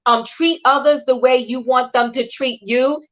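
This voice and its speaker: An older woman hosting a casual livestream, chatting in an animated way and acting out quotes she repeats. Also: high voice, a little slow. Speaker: host. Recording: dull lo-fi stream audio.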